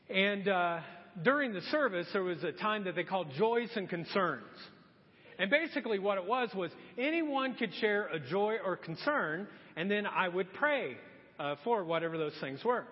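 A middle-aged male pastor preaching a sermon, telling a funny personal story with lively energy, then dropping to quiet, earnest appeals. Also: high-pitched, moderate pace. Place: church sanctuary. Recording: muffled echoey church hall.

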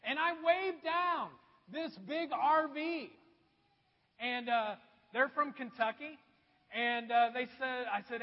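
A man's voice: extremely high pitch, slow pace. A man preaching a sermon in church, telling a personal story with self-deprecating humor. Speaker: pastor. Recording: dull recording with long hall reverb.

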